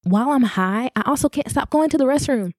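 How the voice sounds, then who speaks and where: A young woman hosting a podcast, telling a personal story in a casual, animated way, laughing often and talking straight to her listeners. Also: sits high, brisk, dry recording, clean studio sound. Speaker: podcast host.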